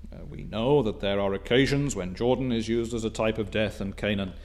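A man preaching a sermon in formal, old-fashioned wording, dropping to soft low asides and climbing to stressed, emphatic phrases.

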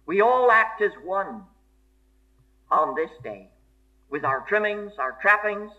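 A man's voice: high voice, animated, slow pace, sharp tone. A man preaching a sermon in an earnest, emphatic way, repeating key phrases for stress. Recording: dull lo-fi sermon recording.

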